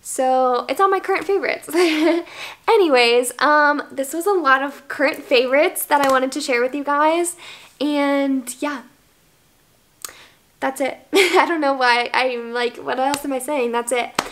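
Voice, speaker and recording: A woman's voice: high-pitched, measured pace, a bit bright, slight background noise. A woman in her early twenties from the United States, chatting in a casual favorites vlog at home, bubbly and gushing with lots of fillers, recorded on the camera's microphone. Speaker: vlogger.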